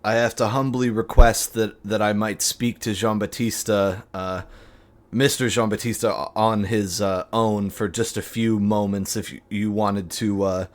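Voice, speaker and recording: A man voicing a former mobster who speaks with halting, overly formal politeness. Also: fairly low pitch, level tone, lightly acted. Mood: gruff, formal.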